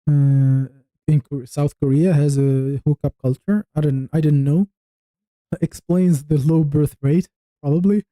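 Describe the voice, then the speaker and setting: Dark-toned man in his thirties chatting. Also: a little high, steady tone, unhurried, no echo, rough recording. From Tunisia. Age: 30s. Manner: frank, rambling, thinking aloud with many restarts. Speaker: YouTube livestreamer. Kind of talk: casual livestream chat answering viewers.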